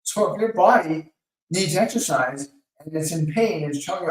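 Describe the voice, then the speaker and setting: A man with a somewhat high voice talks viewers through slow breathing and answers their questions one by one in a steady, coaching tone. He sits back from the microphone, and the room around him rings with heavy echo. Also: recorded from a distance. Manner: calm, coaching, speaks directly to viewers by name. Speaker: host of a live Q&A. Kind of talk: live-stream advice and guided breathing. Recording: very echoey room, voice off-mic.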